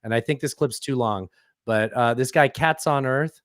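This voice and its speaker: A man's voice: medium pitch, moderate pace, dry recording, clean studio sound. A man hosting a casual political podcast, opinionated and explaining at length with frequent restarts. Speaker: podcast host.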